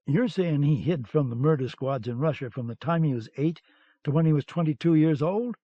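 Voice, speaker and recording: A man's voice: on the high side, a little fast, dry recording, close to an everyday voice. A man reading an audiobook, voicing a blunt and skeptical American officer in a dull cassette-era recording. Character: brash, gruff American officer.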